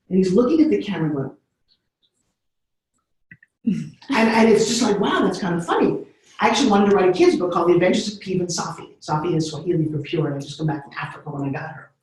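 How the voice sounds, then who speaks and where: A middle-aged woman telling stories in an animated way, often acting out voices. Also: lowish voice. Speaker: speaker. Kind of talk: storytelling talk. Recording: echoey room, far from mic.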